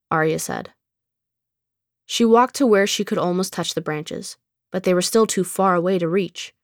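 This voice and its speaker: A woman narrating an audiobook story in a calm, measured storytelling manner. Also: on the low side, dry recording, studio quality.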